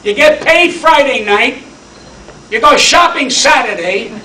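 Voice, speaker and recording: Brash high-voiced old comic in echoey hall. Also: male voice, expressive, unhurried, bright, forceful tone, recorded from a distance, a little hiss or hum. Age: 80s. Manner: brash, punchy comic delivery with wisecracks. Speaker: award honoree and comedian. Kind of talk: stand-up acceptance speech. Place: banquet hall.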